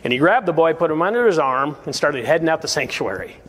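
A man preaching from a church pulpit, earnest and exhorting, his voice a touch high for a man. He breaks into short chuckles between his points. A long reverb hangs on every word in the sanctuary. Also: lively intonation, quick pace, fairly bright tone. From United States. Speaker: pastor. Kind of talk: sermon.

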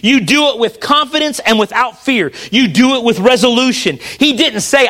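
A man's voice: extremely high pitch, lively intonation, moderate pace, hardly any pauses, sharp tone. A man preaching a sermon as pastor, earnest and repetitive, often restarting his phrases.

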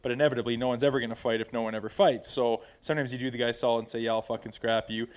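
Speaking in a flat, racing mid-range voice, a middle-aged former pro hockey player guests on a podcast. He tells loose, profane, rambling stories in casual chat.

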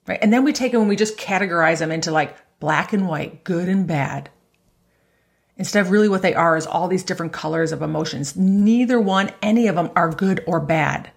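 A woman's voice: medium pitch, brisk. A woman coaching golfers on their emotions in a chatty, conversational way, often tagging her points with "right?" and laughing easily. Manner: acts out inner voices in quotes. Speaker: golf mental coach. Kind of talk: conversational motivational talk.

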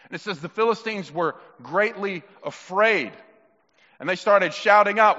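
A male pastor preaching a sermon in an animated, emphatic, conversational way. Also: high-pitched, moderate pace, big-room sound, muffled recording.

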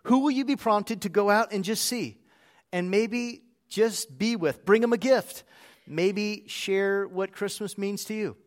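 High voiced pastor guy, chatty storytelling sermon. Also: a little slow. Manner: conversational storytelling.

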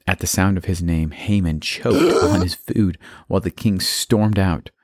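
A man's voice: low-pitched, measured pace, darkish tone, no room sound, clean studio sound. A man narrating a Bible story for children, plainly with playful asides.

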